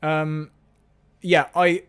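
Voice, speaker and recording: A man's voice: a little high, little pitch movement, extremely slow, a bit bright, clean tone. A man hosting a casual live-stream chat, rambling and self-mocking, with frequent restarts. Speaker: host.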